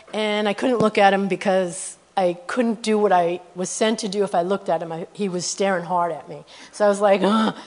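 A woman telling a story in a sermon, animated, repeating her phrases. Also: medium pitch. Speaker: speaker sharing testimony. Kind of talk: sermon testimony. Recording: long hall reverb.

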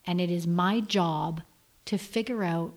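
Frank, animated middle-aged woman. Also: lowish voice, unhurried. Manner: frank, animated storytelling with acted-out quotes. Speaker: podcast guest. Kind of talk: candid podcast conversation.

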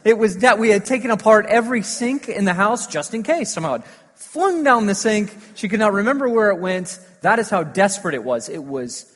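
A man preaching a sermon, telling stories with lively emphasis that swings between loud declarations and hushed asides. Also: sits high, a little fast. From United States. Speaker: pastor. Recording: long hall reverb.

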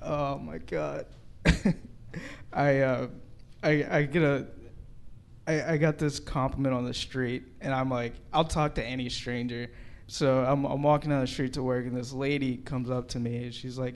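Guy doing standup, chill and chatty, keeps cracking himself up, ordinary middle pitch. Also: moderate pace. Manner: loose, conversational, laughs often at his own jokes. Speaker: stand-up comedian. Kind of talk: stand-up comedy set.

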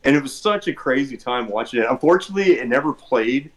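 A man's voice: mid-range voice, animated, fast talker, rough recording. A man chatting casually on a podcast, rambling with lots of filler words. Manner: rambling, many fillers like "like" and "or whatever". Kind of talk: casual chat.

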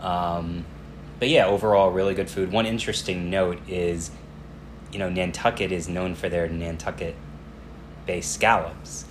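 A podcast co-host with a strikingly low voice chats casually, telling stories at an easy pace and briefly acting out back-and-forth dialogue. A faint hiss runs beneath the recording.

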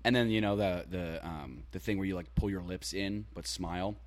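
A young man co-hosting a casual podcast, joking and laughing, sometimes breaking into loud chants. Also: sits low, normal speed, no echo. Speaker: podcast co-host. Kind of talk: casual chat.

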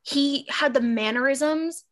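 A woman's voice: high voice, slow, a bit bright. A woman co-hosting a podcast in casual chat, talking things through with examples. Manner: chatty, explains with examples. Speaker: podcast co-host.

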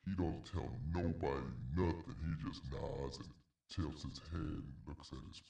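A very deep, gravelly voice from a man putting it on plays a laid-back street tough who drawls in profane slang. The tone is dark and mellow. He sounds distant from the mic, in a roomy space. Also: steady tone, normal speed. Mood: amused.

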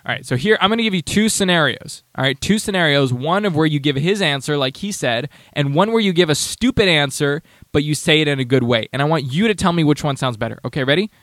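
A man's voice: a little high, lively intonation, fast, few pauses, fairly bright tone, no echo. A man hosting a casual talk show, sarcastic and rambling, with many restarts. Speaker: podcast host. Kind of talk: casual commentary.

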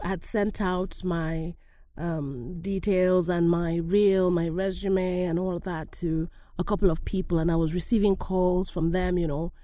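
A woman's voice: on the low side, warm tone, dry recording. A woman with an African accent, an actress telling a personal story to camera in a candid, wry way. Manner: candid, wry, slightly halting with fillers.

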